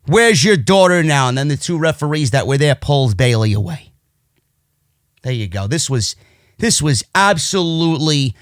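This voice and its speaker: A man's voice: fairly high pitch, fairly bright tone, no echo, clean studio sound. A man with a New York accent recapping a wrestling show in a sarcastic, exasperated rant, swearing often. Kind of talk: profane ranting show recap.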